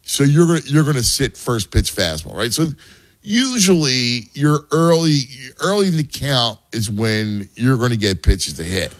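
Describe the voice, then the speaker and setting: A man's voice: mid-range voice, sing-song, moderate pace, dry recording. A man who coaches youth baseball and has a son, chatting casually and explaining game strategy with many restarts. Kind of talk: casual podcast chat.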